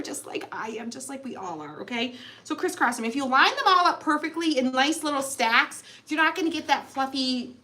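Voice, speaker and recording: Bright, playful craft host, a woman. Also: high voice. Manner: playful, laughs often, teasing. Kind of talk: live crafting tutorial, chatty. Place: home craft room.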